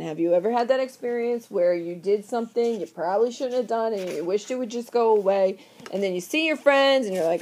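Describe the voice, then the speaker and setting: A woman teacher giving a recorded literature lecture, lively and theatrical, asking the class questions. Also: medium pitch, a little fast.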